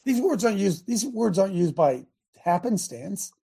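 A man's voice: sits high, big pitch swings, moderate pace, vocal fry, husky. A middle-aged man hosting a radio show, teaching from the Bible in a chatty, emphatic sermon style, talking straight to his listeners and producer. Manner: emphatic, rising to near shouts when quoting scripture. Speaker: radio show host and preacher.

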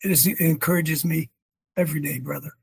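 Animated gravelly man preaching. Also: a little high, fairly quick. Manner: animated, exclaims and quotes scripture. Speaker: leader of a men's prayer gathering. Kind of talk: preachy casual chat.

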